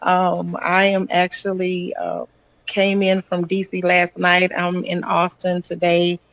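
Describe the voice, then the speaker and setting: A tired, hoarse woman calling in to thank the cast, apologetic and laughing easily. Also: fairly low pitch, completely flat delivery, slow, a bit bright, no room sound. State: hoarse and exhausted. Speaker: director and preacher. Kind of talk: casual call-in greeting. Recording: dry, muffled phone-call audio.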